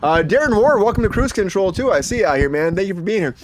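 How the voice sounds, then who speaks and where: A man hosting a live comedy entertainment news show, hyping his co-host with playful teasing and shouted countdowns. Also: sits high, sing-song, fast talker.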